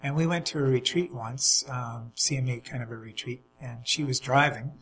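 A man's voice: mid-range voice, moderate pace, over music, poor audio. A man chatting casually, telling rambling anecdotes with easy laughter. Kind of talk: casual chat, storytelling.

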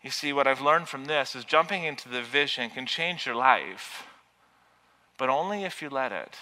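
A man preaching a sermon with passion, building to loud, urgent peaks. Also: medium pitch, expressive, moderate pace. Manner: impassioned, rising to near shouting at peaks. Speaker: pastor. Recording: long reverb of a large hall.

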